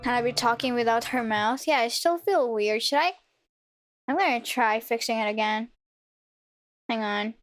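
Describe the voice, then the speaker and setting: A woman's voice: fairly high pitch, moderate pace, long pauses, faint music behind. A young woman streamer reading a visual novel aloud, breaking off into giggly, playful asides.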